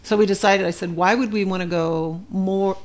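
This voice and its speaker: An older woman, the host's mother, calmly recalls family history in a casual chat with short, matter-of-fact replies. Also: medium pitch, normal speed. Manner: calm, brief confirmations, matter-of-fact recollection. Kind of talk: casual conversation.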